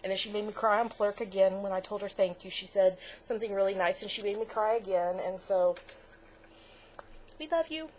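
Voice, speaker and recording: A woman's voice: mid-range voice, a little fast, darkish tone, muffled recording. A middle-aged woman co-hosting a crafts podcast in casual chat, gushing, chatty and easily moved. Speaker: podcast co-host.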